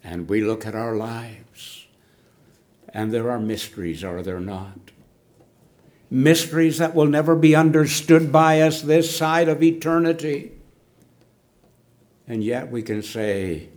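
An older man preaching a sermon, swinging from loud emphasis down to hushed, near-whispered words. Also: medium pitch, slow, long pauses.

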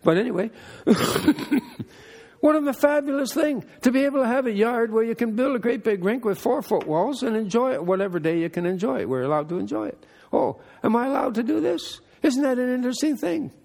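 A man's voice: very high-pitched, gravelly, darkish tone. An older man, a pastor giving a conversational sermon with folksy, joking asides. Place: church hall. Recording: echoey hall reverb.

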